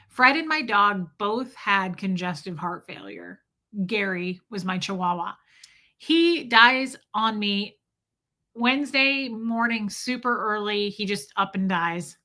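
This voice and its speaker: A young woman hosts a livestream and tells a long personal story in an easy, chatty way. She keeps stopping to answer her viewers' comments before picking the story back up. Her voice is bright and sharp. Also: medium pitch. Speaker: livestream host. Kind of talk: casual storytelling to a live chat.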